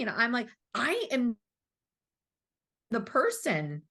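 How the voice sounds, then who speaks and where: A woman's voice: on the high side, big pitch swings, slow pace, long pauses, pushed and bright. A woman in her thirties, a spiritual coach, telling her story as a podcast guest, candid and swearing freely, acting out her past self. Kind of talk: emotional storytelling interview.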